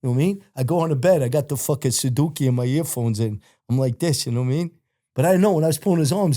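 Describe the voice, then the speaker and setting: A middle-aged man telling prison stories as a podcast guest, full of swearing and repeated fillers, acting out other people's shouts. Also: on the high side, fast, no room sound, clean studio sound. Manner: profane, acts out other people's shouted lines; rambling, repeats filler phrases. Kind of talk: casual storytelling.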